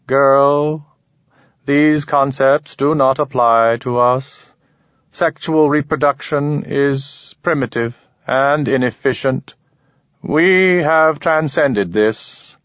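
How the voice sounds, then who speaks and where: Male narrator doing a detached alien: raised pitch, slow and clinical, formal. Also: a bit bright, no room sound, lo-fi sound. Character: genderless alien, cold, precise, analytical. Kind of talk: audiobook character voice.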